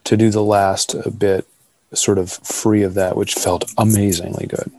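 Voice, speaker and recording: A man's voice: lowish voice, flat delivery, a little slow, darkish tone, no room sound. A man in casual conversation, chatty and self-deprecating, with frequent restarts. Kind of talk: casual chat.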